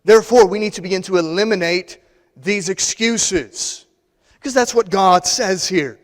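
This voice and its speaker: A man's voice: high voice, normal speed. A man preaching a sermon in a church, emphatic and repeating phrases for stress. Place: church sanctuary. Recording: long hall reverb.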